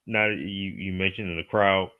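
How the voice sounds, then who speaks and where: A man with a low voice chats about wrestling on a podcast, relaxed and quick to agree. His mic sounds dull and muffled, with a lo-fi feel. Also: clear, resonant tone. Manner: relaxed, agreeable, repeats "you know what I mean". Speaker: podcast co-host. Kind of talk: casual wrestling talk.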